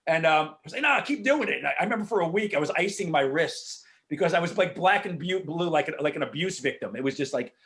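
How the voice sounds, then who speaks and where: A man, an actor, answering questions in a casual Q&A over a video call, frank and animated, swearing freely and filling talk with asides. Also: on the high side, fast talker, few pauses. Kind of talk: casual Q&A storytelling.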